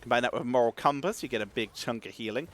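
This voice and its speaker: A man casting a live esports match, energetic and chatty, wired on caffeine and thanking subscribers between calls of the play. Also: mid-range voice, fast talker, a little hiss or hum. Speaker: esports caster.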